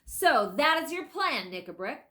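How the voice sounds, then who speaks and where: A woman's voice: high voice, very animated, a little slow, voice pushed up, exaggerated voice. Woman voicing a stern young king. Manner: forceful, accusing.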